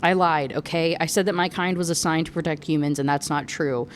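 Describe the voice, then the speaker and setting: A woman voicing a male gargoyle warrior who is a devoted protector, speaking in a lowered, earnest tone. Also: steady tone, brisk, a little hiss or hum, close to an everyday voice.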